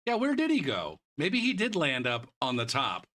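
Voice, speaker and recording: His mid-range voice swoops wildly in pitch at a moderate pace. The young streamer, fresh off losing a kart race, curses and rants, yelling with disbelief as the replay plays during his casual stream commentary.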